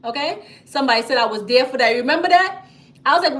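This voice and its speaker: A woman hosts a casual livestream, talking straight to her viewers. Her voice sits a little high, and she speaks emphatically, often checking in with "okay?" and "y'all.". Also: fast. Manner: chatty and emphatic, frequent "okay?" and "y'all", animated storytelling. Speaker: livestream host, business credit coach. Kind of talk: casual livestream talk reading viewer comments.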